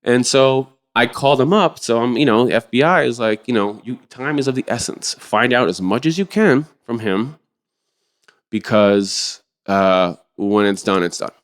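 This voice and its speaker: A middle-aged man telling a story in a casual interview, acting out the quotes with sudden high-pitched outbursts and swearing freely. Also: normal speed. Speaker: drummer and podcast guest.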